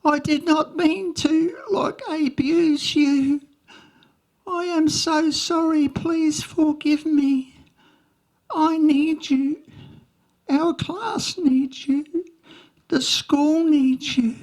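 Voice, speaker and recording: A woman's voice: high voice, fairly even intonation, darkish tone, voice pushed up, exaggerated voice. A woman doing a tearful schoolgirl. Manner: slow, solemn, tearful. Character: young schoolgirl giving a tearful solemn apology.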